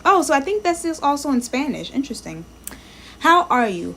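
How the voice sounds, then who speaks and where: A woman live-streams her language practice, chatting casually, thinking aloud, reading lesson text and sounding out words while greeting viewers in chat. Her high voice is very animated, fairly quick and a bit bright, with a little hiss or hum in the recording.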